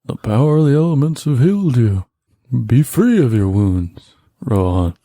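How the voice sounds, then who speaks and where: A man's voice: medium pitch, big pitch swings, moderate pace, dark tone, dry recording, close to an everyday voice. A man voicing a snooty male spellcaster and healer in a tabletop game, speaking in a lofty, haughty way.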